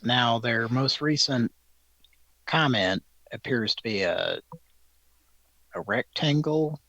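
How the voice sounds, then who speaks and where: A man's voice: medium pitch, animated, takes it slowly, sharp tone, no room sound, lo-fi sound. A man co-hosting a comedy call-in show, with playful, goofy asides. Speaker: show co-host. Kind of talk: casual chat.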